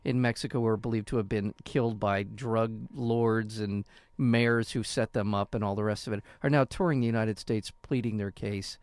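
Gravelly man chatting on a talk show. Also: lowish voice, fairly even intonation, moderate pace, few pauses, a little mellow, no room sound. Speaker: co-host. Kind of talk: casual news chat.

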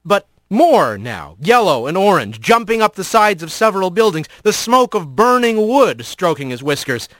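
Male narrator, high bright voice, dry close sound, lively storybook read. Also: moderate pace, few pauses, no room sound. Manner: vivid, varied reading.

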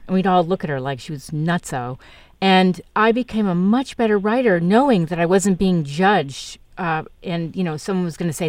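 Interview host with a dry, close sound. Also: female voice, on the low side, normal speed, no echo. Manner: warm, reactive, frequent affirmations. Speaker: podcast host. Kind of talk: interview conversation.

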